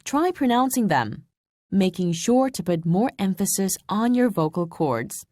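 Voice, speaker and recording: A woman giving scripted narration for a language lesson, explaining sounds in a clear, measured way. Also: mid-range voice, very animated, a little mellow, dry recording. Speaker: language instructor.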